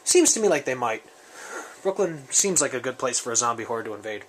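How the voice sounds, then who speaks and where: A man's voice: mid-range voice, very animated, a little fast, a little hiss or hum. A man casually reviewing his survival gear on camera, rambling and joking in an off-the-cuff way. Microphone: camera mic, speaker off-frame.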